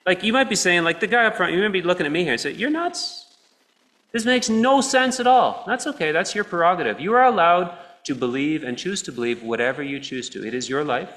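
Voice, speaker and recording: A man's voice: a little high, expressive, quick pace. Earnest man preaching a sermon. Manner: earnest, swings between soft and emphatic delivery.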